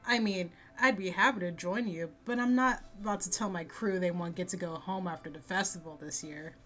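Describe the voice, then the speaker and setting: A woman's voice: lowish voice, fairly quick, fairly bright tone, faint music behind, natural voice. A woman putting on a swaggering sea captain. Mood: brash. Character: bold swaggering female ship captain.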